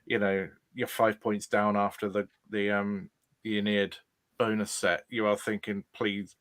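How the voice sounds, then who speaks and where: Bright-voiced male quiz podcast host. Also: fairly low pitch, flat delivery, a little slow. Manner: reflective, thinking aloud with fillers. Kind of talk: casual chat.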